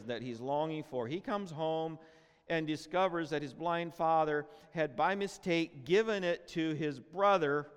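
A man preaching a sermon with emotion, often repeating and restarting words, shifting between loud cries and hushed tones. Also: on the high side, clean tone. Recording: long hall reverb.

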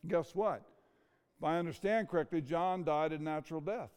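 Emotional high-voiced preacher, big hall. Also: male voice, darkish tone, smooth. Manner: emotional, rhetorical questions, dramatic pauses. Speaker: pastor. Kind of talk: sermon. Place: church sanctuary. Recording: long reverb of a large hall.

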